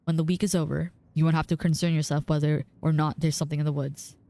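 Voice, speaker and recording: A woman's voice: sits low, level tone, fast, warm tone. A woman reading the lines of a curt, dismissive young woman cousin from a story game, clipped and skeptical. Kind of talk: reading game dialogue aloud.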